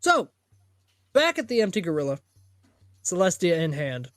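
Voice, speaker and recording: A man's voice: sits high, very animated, moderate pace, pauses often, fairly bright tone, faint music behind. A man narrating a tabletop game as game master, in a laid-back, joking way.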